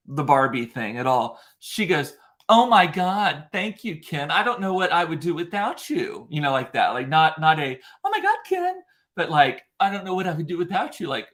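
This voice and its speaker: A middle-aged podcast host with a medium-pitched voice tells a story in casual chat. He's animated and swears, acting out the voices of the people he quotes.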